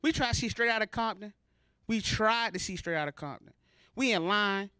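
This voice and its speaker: A man's voice: high voice, moderate pace, bright, forceful tone, clean tone, dry recording, clean studio sound. A man from Baltimore performing a stand-up comedy set on stage, talking in a loose, conversational, self-mocking way. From Baltimore, USA. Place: comedy show stage before a live audience.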